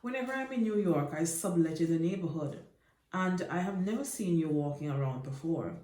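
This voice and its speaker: A woman's voice: on the low side, animated, fairly quick, mellow, natural voice. A woman voicing a friendly, chatty young male musician in a read-aloud of a novel. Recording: echoey room.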